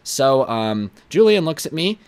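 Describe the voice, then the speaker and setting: Young male YouTuber, mid-pitched, blunt and animated storyteller, casual. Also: a little slow, smooth.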